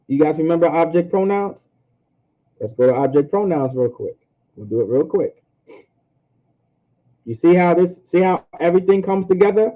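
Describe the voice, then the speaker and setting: Man teaching over a tinny line. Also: on the high side. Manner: casual teaching, repeats points, sounds out words slowly. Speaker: language teacher. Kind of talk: online language class.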